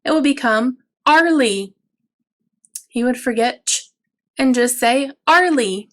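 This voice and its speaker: Brief: woman teacher, slightly high voice, unhurried, patient explainer for a parents' lesson video. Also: lively intonation, fairly bright tone. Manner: slow, clear, patient explaining with drawn-out example words. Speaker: early childhood teacher.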